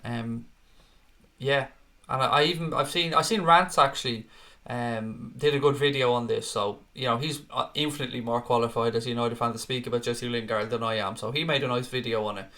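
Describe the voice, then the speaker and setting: A man's voice: mid-range voice, fairly even intonation, brisk, fairly bright tone. A young man hosting a casual live stream, chatting and reading out viewer comments, swearing freely. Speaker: host.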